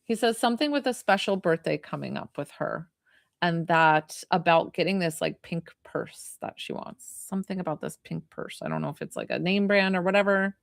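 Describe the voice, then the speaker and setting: A woman's voice: lowish voice, very animated, normal speed, gravelly, no room sound, studio quality. A young woman giving a live psychic reading, talking in a rambling, hesitant way full of fillers like "like" and "um.". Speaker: psychic medium.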